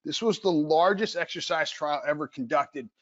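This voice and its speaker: Middle-aged man, informal talk from home, earnest and animated, fairly high voice, dull lo-fi sound. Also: moderate pace. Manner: animated, earnest, many restarts and repeated words. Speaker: exercise researcher giving a talk. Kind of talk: informal lecture over video call. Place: home, with noise from upstairs.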